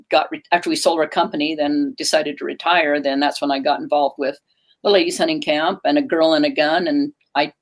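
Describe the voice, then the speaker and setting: A woman's voice: deep voice, poor audio. An older woman from Utah who founded a bullet company, talking plainly and earnestly in an interview. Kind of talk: casual interview talk.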